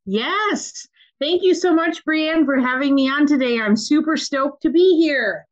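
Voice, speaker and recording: Minnesotan woman, podcast guest, upbeat and chatty, fairly high voice, slightly dull lo-fi sound. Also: measured pace. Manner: upbeat, chatty, many fillers. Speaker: guest, nurse practitioner and money coach. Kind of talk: casual podcast interview.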